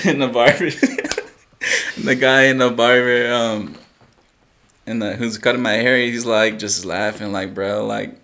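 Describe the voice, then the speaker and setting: Laid-back, low-voiced guy telling a story. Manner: animated storyteller, swears freely, acts out quotes, laughs often. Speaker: podcast co-host. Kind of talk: casual chat, storytelling.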